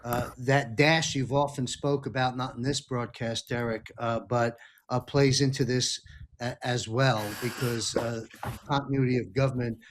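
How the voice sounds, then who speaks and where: A man hosting a panel discussion, talking haltingly with many pauses. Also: mid-range voice, fairly even intonation, slight background noise. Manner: halting, many fillers and restarts. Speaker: show host.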